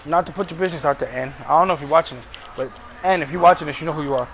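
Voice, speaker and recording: A man's voice: on the high side, very fast, a little hiss or hum. A young man telling a story about his week in a casual, slangy, venting way, recorded outdoors. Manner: slangy, venting, frank and animated. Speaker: vlogger. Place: outdoors, in and around a car.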